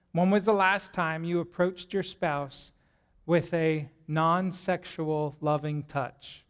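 A middle-aged man preaching a sermon to a congregation in a church, lively and joking as he talks to them directly. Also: sits high, smooth. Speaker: pastor.

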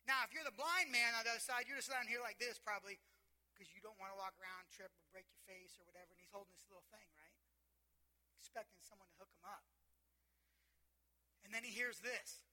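A man, a pastor, preaching a sermon in an animated, joking way and acting out the scenes he describes. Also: high-pitched, brisk.

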